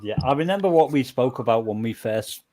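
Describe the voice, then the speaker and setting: A man's voice: mid-range voice, animated, brisk, warm tone. A man and musician chatting casually, repeating words and stumbling, with the hiccups. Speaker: guest musician. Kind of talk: casual chat.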